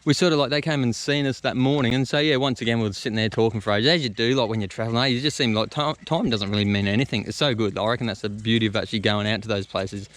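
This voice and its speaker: Fast-talking Australian man telling a story. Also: medium pitch, a bit bright. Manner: rambling, lots of fillers and slang. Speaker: travel vlogger. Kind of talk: casual storytelling.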